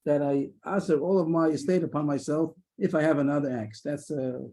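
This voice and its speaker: A man's voice: on the high side, steady tone, mellow. A man leading a Talmud study session over a video call, thinking aloud with frequent restarts. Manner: hesitant, many restarts, quick asides. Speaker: Talmud lesson leader.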